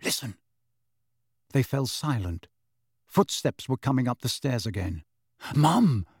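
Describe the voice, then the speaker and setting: Expressive man narrating a storybook. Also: mid-range voice, moderate pace, breathy edge, no room sound, studio quality. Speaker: audiobook narrator. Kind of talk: scripted narration.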